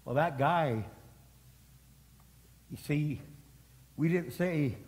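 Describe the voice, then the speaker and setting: A male pastor preaching from the pulpit in a big sanctuary, his slightly high voice trailing off in a long hall reverb. He tells stories animatedly, slipping into character voices and then jumping up to loud, emphatic peaks. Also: lively intonation, slow, long pauses. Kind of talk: sermon. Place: church sanctuary.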